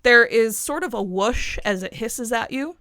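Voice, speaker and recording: A woman's voice: fairly high pitch, a little slow, no room sound, studio quality. Woman game master, casual and chatty. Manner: relaxed, conversational, with frequent "like" fillers. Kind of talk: narrating a tabletop game.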